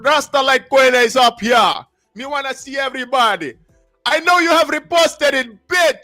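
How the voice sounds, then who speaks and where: A man voicing a loud, hyped-up male Rasta crypto hype man in a put-on Jamaican accent, shouting in exaggerated patois. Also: very high-pitched, normal speed, soft background music, pitched above the performer's own voice. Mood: rowdy hype.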